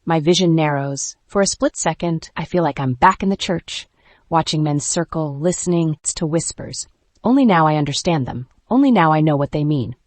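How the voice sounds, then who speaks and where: A woman narrating a first-person dark romance audiobook in a measured, tense way. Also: low-pitched, animated, no echo.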